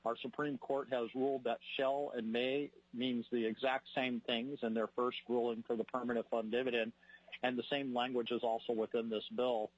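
A man's voice: medium pitch, level tone, moderate pace, no room sound. A man calling in to testify against a measure, earnest and argumentative, stumbling now and then. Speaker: caller testifying. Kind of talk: public testimony by phone. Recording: dry muffled phone line.

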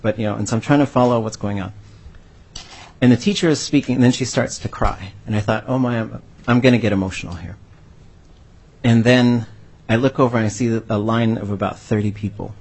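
A man's voice: mid-range voice, steady tone, fairly quick, darkish tone, breathy edge. A man answering a panel question by telling an earnest, heartfelt story about his work as a language educator.

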